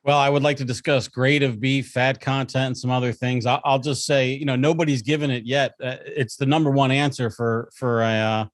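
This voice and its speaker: A man's voice: medium pitch, fairly even intonation, fairly quick, few pauses, no room sound. Wisecracking man on a panel. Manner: needling, wisecracking. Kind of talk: casual banter.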